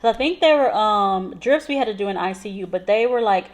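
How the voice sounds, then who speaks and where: A woman nurse telling patient stories in a casual vlog, chatty and animated, full of "like" and "so". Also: medium pitch, a little fast. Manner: chatty, animated retelling with lots of "like" and "so".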